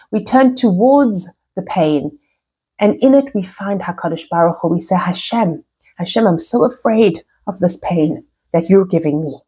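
Female Torah teacher, breathy, mid pitch, expressive scripture lesson. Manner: expressive, reads Hebrew verses then explains in English.

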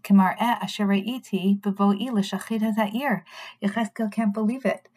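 Woman, Torah teacher; earnest, measured delivery, reads then translates text. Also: mid-range voice, a little mellow. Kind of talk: recorded scripture lesson.

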